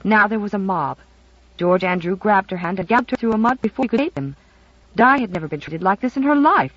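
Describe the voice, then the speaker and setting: An audiobook narrator reading a novel with expressive storytelling. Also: mid-range voice, fast, no room sound, lo-fi sound.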